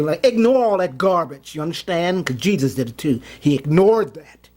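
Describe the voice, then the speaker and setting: A man's voice: fairly high pitch, animated, brisk, few pauses, darkish tone. A man giving a rambling motivational monologue. He keeps repeating himself and pressing his points hard. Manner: rambling, repetitive, emphatic. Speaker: card trick performer and vlogger.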